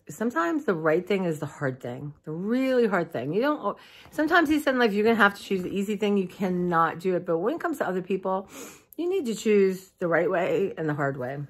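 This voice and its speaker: A woman with a drawl speaks in a low, weary voice, close to her camera. She rambles warmly with plenty of "um"s and "you know"s, sounding worn down by allergies and fatigue. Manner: tired, heartfelt, rambling with many fillers. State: tired, allergies, clearing throat. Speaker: vlogger. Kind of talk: casual personal vlog. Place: dim room at home.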